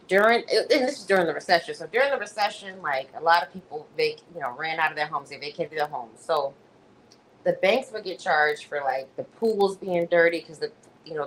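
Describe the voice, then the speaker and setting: A woman host telling a story on a casual livestream, animated and freely profane. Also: low voice, slight background noise, rough recording.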